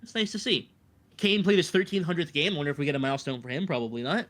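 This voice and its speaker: Young male podcast co-host, rapid and eager, crisp bright voice. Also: a little high. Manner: rapid, enthusiastic, sarcastic at times. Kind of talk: casual podcast chat.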